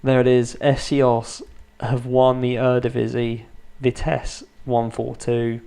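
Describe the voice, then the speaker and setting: A man's voice: medium pitch, completely flat delivery, a little slow, gravelly, clean tone. A man in his thirties doing Let's Play commentary at home at night, keeping his voice down so his sleeping children stay asleep, with dry, self-mocking humour. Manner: restrained, kept quiet so as not to wake his children. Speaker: gaming YouTuber.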